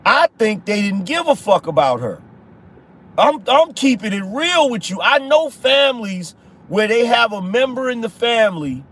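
High-pitched blunt male podcast host. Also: a bit bright. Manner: blunt, emphatic, repeats rhetorical questions; casual slang, swears. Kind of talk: conservative opinion commentary.

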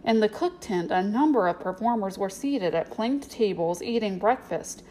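A woman narrating a storybook in a steady, clear way. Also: medium pitch, moderate pace, a little hiss or hum, poor audio. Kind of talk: storybook reading.

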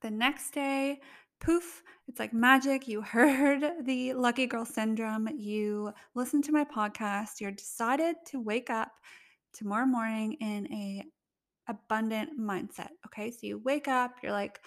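A woman's voice: on the high side, a little slow. A young adult woman hosting a casual solo podcast, chatty, filling her talk with "like" and laughing often. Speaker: podcast host.

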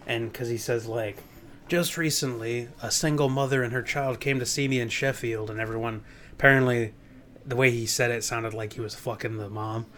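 A young man co-hosting a podcast, chatting casually and rambling through stories, sometimes jumping into high mocking voices. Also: steady tone, moderate pace, noisy background. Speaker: podcast co-host. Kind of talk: casual chat.

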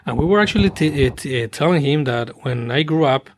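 A man who is a guest on a podcast, telling stories about his family in an animated, self-mocking way with frequent laughter. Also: fairly high pitch, a little fast, a little hiss or hum. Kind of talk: casual podcast chat.

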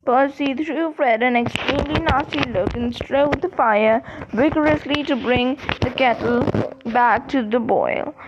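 A high-pitched woman reads a chapter aloud in a casual, unpolished way, stopping to restart words she trips over. The recording is dull and lo-fi, like a home setup. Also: a little slow, noisy background. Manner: reads with restarts and self-corrections. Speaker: audiobook reader. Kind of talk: amateur audiobook narration.

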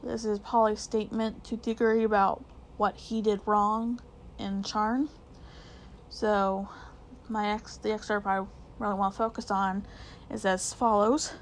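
A woman teacher walks through examples from a novel in a relaxed, conversational way. Her voice sits in a middle pitch, and she often restarts her sentences and fills pauses with small words as she thinks. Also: a little hiss or hum. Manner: conversational, many fillers and restarts. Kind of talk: literature lesson explaining a novel.

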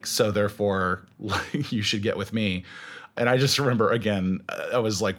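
A man's voice: on the low side, moderate pace. A man guest in a casual interview, telling stories animatedly, laughing and acting out what people said. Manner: animated, laughing, acts out quotes.

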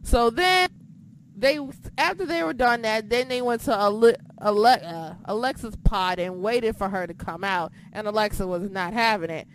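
A woman hosting a podcast, recapping in casual chat, excitable and profane, swinging between shouting and muttering. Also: mid-range voice, normal speed, a little hiss or hum. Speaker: podcast host.

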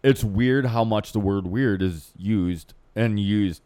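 A man's voice: on the low side, takes it slowly, mellow, smooth, no echo. A man co-hosting an unscripted chat, joking and loose with casual grammar. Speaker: podcast co-host.

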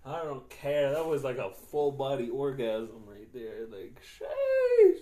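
A young man hosts a podcast, telling stories in a loose, slangy, profane way and laughing a lot. His voice is medium-pitched and mellow, with fairly even intonation and a measured pace.

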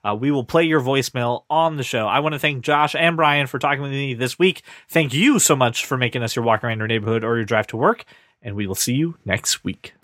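A man hosting a podcast in casual chat, animated and jokey, teasing his co-hosts. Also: mid-range voice, a little fast, no echo. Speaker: podcast host.

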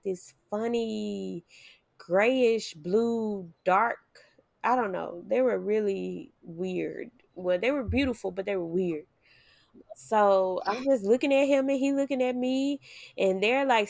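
Animated young woman telling a story. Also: creaky, no echo, studio quality. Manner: animated, expressive, jumps high when quoting herself. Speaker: mother telling her birth story. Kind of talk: casual storytelling.

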